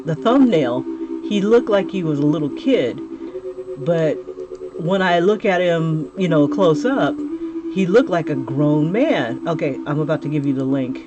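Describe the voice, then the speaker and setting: Woman artist chatting on stream, laughs a lot, restarts sentences, music clearly behind her. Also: sits low, a little slow, dull audio. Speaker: livestreaming artist chatting with viewers. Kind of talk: casual livestream chat while drawing. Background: music playing clearly.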